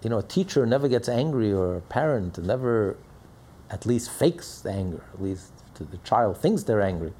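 A man's voice: lowish voice, lively intonation, normal speed, dark tone, slightly rough. A man teaching a religious lesson in an emphatic manner, with rhetorical questions and repeated phrases. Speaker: Torah teacher.

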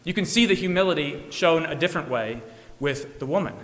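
A male pastor delivering a sermon earnestly, rising to emphatic peaks and dropping to soft, low endings. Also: animated, brisk. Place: church. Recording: long church reverb.

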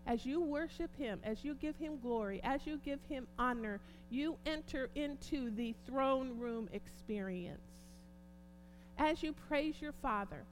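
A woman preaching a sermon and reading scripture aloud, moving from hushed tones to loud shouts. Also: high-pitched, measured pace, faint music behind, poor audio. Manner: passionate, swings from hushed to shouting.

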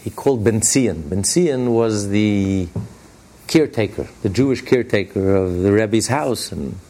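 A rabbi teaches a Torah class in a lowish, dark voice at a slightly slow pace. He tells stories plainly and conversationally, restarting sentences now and then and repeating key phrases with emphasis as his voice rises on each point.

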